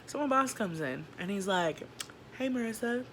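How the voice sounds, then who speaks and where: A woman's voice: on the low side, animated, normal speed, background noise. A young woman vlogger telling a story from her life in a casual, slangy way, acting out each scene as she goes. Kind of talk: storytime vlog.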